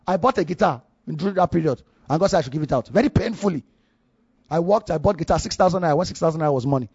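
A man's voice: a little high, lively intonation, rapid-fire, creaky, a little mellow, husky, no room sound, muffled recording. A man with a Nigerian accent preaching a sermon, telling a personal story with many repeats and restarts for emphasis.

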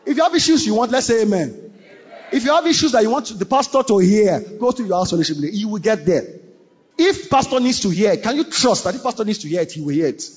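A man preaching a sermon, animated, mimicking church members and breaking into shouts. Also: sits high, slightly rough. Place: church hall. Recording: dull recording with long hall reverb.

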